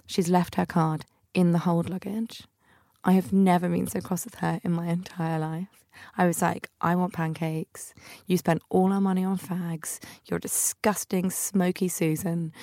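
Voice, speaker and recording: A woman's voice: fairly low pitch, creaky, no room sound, clean studio sound. A woman hosting a podcast, telling funny stories in a chatty way and acting out the quotes. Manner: chatty, animated anecdotes with acted-out quotes. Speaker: podcast host. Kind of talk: casual storytelling monologue.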